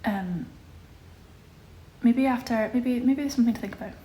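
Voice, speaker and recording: A woman's voice: a little high, moderate pace, mellow. A young woman chatting casually on a live stream, reading out viewer questions and answering them. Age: young adult. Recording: echoey room with faint ambience.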